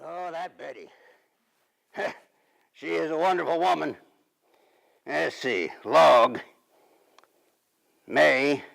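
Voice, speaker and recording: A man's voice: fairly high pitch, creaky, a bit bright, full character voice. A middle-aged man, playing a folksy, rambling 1880s riverboat man and husband in a period monologue.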